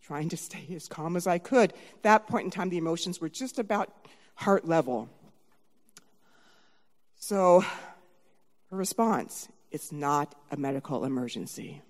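A middle-aged woman telling a personal story live on stage, animated and dramatic, swinging from hushed asides to shouted lines. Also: fairly low pitch, a little slow, pauses often, long reverb tail.

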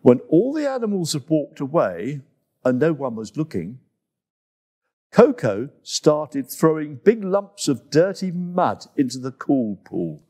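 Unhurried, expressive male storyteller. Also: fairly high pitch. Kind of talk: children's story reading.

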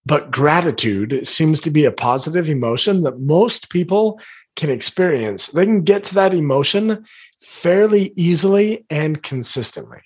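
Husky-voiced man coaching with earnest emphasis. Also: on the high side, animated, normal speed. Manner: earnest and emphatic, repeats key phrases. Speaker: life coach. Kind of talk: motivational teaching talk to viewers.

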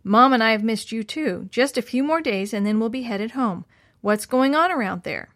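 A woman's voice: a little high, expressive, moderate pace, fairly bright tone, no room sound. Cheerful storybook father on the phone, read by a woman; dry recording. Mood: friendly. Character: warm, cheerful father away from home.

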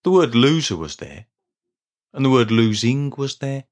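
A middle-aged man talks in an earnest, deadpan way. His pitch sits in an ordinary middle range. He plods through a scripted comic monologue at a steady pace. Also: moderate pace. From Birmingham, England. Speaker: podcast host.

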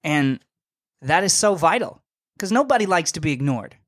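Animated, slangy young man telling a story. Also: on the high side, moderate pace, no echo, clean studio sound. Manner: animated and slangy, emphatic with frequent laughs and asides. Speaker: podcast host. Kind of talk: casual storytelling monologue.

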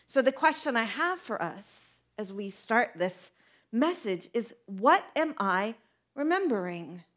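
High-voiced woman preaching a sermon. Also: sing-song, slow, fairly bright tone. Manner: conversational, asks the audience many questions.

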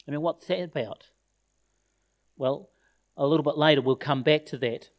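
A man giving a funeral sermon, retelling a scripture story in an expressive storytelling manner and quoting its words. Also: a little high, moderate pace. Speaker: preacher.

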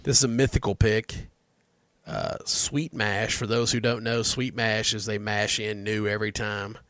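A man's voice: lowish voice, flat delivery, normal speed, a bit bright, no echo, clean studio sound. A man co-hosting a casual whiskey tasting chat, explaining terms in a plain, knowledgeable way. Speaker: whiskey reviewer co-host.

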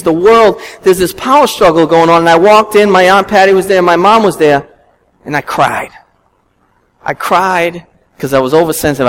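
High-voiced animated preacher man. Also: slight background noise, rough recording. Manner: storytelling, animated, emphatic. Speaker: pastor. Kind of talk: sermon. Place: church.

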